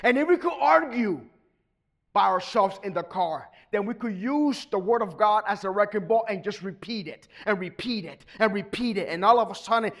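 A middle-aged man delivers a sermon in a fairly high voice. He moves between calm, steady explanation and sudden loud, shouted bursts of preaching. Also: normal speed. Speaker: pastor.

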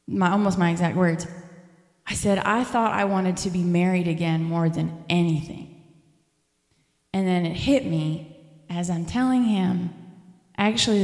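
Brief: woman, 30s, faith testimony, earnest and animated, rambling delivery, echoey room with a long tail. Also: mid-range voice. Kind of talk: personal testimony, casual talk.

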